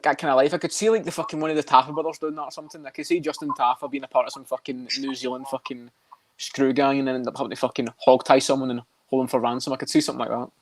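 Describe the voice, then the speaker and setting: A man co-hosting a podcast, riffing quickly and swearing between laughs. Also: mid-range voice. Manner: quick, profane, laughing riffs. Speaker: podcast co-host. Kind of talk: casual podcast chat.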